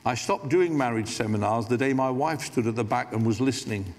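A man's voice: medium pitch, a little fast, a little hiss or hum. A man preaching a sermon as pastor, talking conversationally with asides and light humor. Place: large church. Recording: hall reverb.

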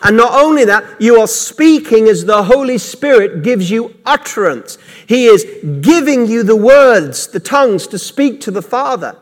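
A man preaching a sermon as pastor, emphatic, repeating words and shifting his loudness often. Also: extremely high pitch, lively intonation, unhurried, hardly any pauses, long reverb tail.

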